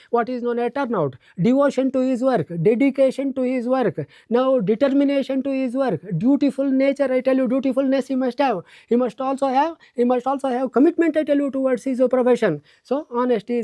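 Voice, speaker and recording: A man lectures in a high, mellow voice. He speaks slowly, ticks off qualities one after another, and keeps dropping in "I tell you". The sound is dry and close. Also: no echo. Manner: repeats the filler "I tell you" and lists words one by one; slow and deliberate. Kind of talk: educational lecture.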